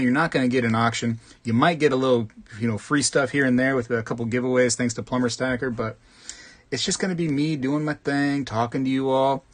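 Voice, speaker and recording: Man rambling on a casual live stream. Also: medium pitch. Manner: rambling, joking, reads out chat comments. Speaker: host of a live coin collecting stream.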